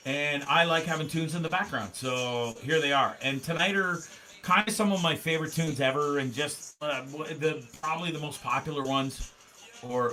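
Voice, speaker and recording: A man's voice: on the high side, pushed and bright. A middle-aged man from Canada, hosting a live show in a loose, rambling, profane way, laughing often and restarting sentences. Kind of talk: rambling live-stream chat. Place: small home studio. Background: faint background music.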